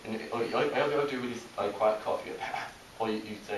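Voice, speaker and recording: A young British man doing a stand-up comedy set, self-deprecating, with halting delivery full of restarts. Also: medium pitch. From Britain. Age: young adult. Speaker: stand-up comic. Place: college comedy show with a live audience. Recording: echoey, distant, hissy live recording.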